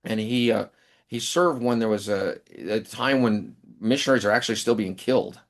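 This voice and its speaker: A middle-aged man, an author and professor, telling stories in an interview with many restarts and pauses. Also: lowish voice, creaky. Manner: rambling, halting anecdotes with many restarts. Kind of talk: storytelling in a casual interview.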